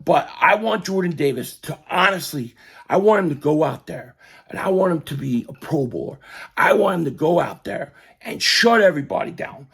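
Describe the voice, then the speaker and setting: A man hosting a fan sports show, ranting excitably and yelling at times, his voice going hoarse. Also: fairly high pitch, normal speed. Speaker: sports podcast host. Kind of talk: fan commentary live stream.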